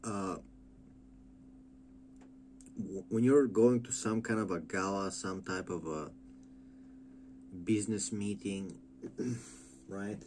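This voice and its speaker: Low-pitched man, slow profane rambling rant for a wrestling vlog. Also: darkish tone, slight background noise. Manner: rambling, mocking, lots of filler and restarts. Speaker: wrestling commentary vlogger.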